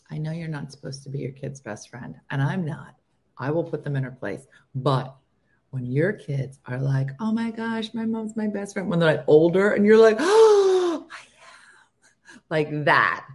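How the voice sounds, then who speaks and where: An animated woman host in her forties with a lowish voice that swings widely in pitch. She chats casually, gasping and acting out quotes. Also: unhurried. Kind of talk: casual morning show chat.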